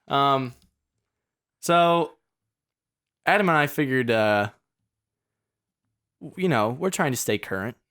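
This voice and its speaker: A man's voice: medium pitch, expressive, takes it slowly, pauses often, fairly bright tone, smooth, no echo, clean studio sound. A young man co-hosting a casual podcast, teasing his friend and laughing as he talks. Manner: jokey, teasing, laughs while talking. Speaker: podcast co-host. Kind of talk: casual chat.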